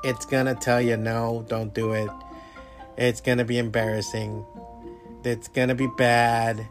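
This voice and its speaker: A man's voice: medium pitch, flat delivery, unhurried, soft background music. A man hosting his own podcast, talking in a casual, rambling, profanity-heavy motivational monologue. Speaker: podcast host.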